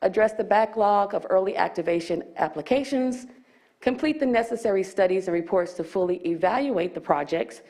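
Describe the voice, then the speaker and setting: A woman's voice: medium pitch, brisk, dark tone. A county staff woman presenting at a public board meeting, slightly out of breath, explaining ordinance rules and reading legal text aloud with small restarts.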